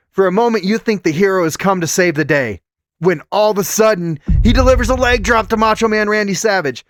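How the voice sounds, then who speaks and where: A man's voice: high-pitched, no echo. A man hosting his channel, giving a scripted countdown narration with a dramatic storytelling delivery. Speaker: channel host.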